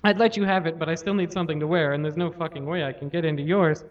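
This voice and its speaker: A man's voice: fairly high pitch, fairly even intonation, fast, natural voice. A man voicing a blunt, foul-mouthed male governor who swears freely. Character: blustering, crude male governor, tearful and embarrassed. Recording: lo-fi live recording.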